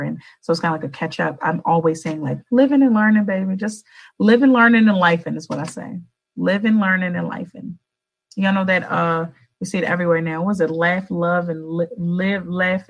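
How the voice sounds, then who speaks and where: A woman's voice: fairly low pitch, creaky, lo-fi sound. A young adult woman vlogging in a casual, rambling motivational chat, speaking to her viewers with affectionate asides.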